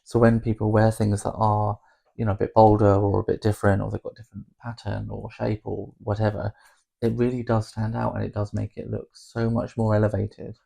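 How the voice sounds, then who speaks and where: A man chatting on a podcast, expressive and gushing. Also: lowish voice, fairly quick, creaky. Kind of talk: casual chat.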